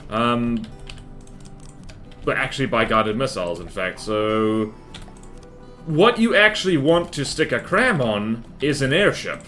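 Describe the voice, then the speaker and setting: A man's voice: medium pitch, expressive, a little slow, pauses often, bright, forceful tone. Rambling male game streamer, faint music. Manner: rambling, filler-heavy, self-deprecating. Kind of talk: casual live-stream chat while building in a game. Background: faint music and keyboard typing.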